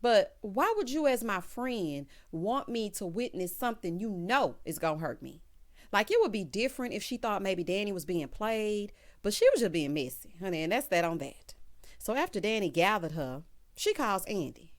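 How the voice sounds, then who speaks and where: A woman's voice: mid-range voice, normal speed. A woman recapping a TV episode in casual chat, retelling scenes in a sassy way with asides like "girl" and "honey". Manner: chatty, quotes characters in lively retellings. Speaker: TV recap host.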